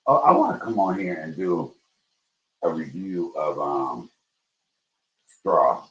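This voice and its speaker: Deep-voiced chatty man cooking on a livestream. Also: takes it slowly. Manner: chatty, swings into high excited bursts, talks to viewers as y'all. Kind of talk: casual livestream cooking chat. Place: home kitchen. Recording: roomy, dull livestream audio.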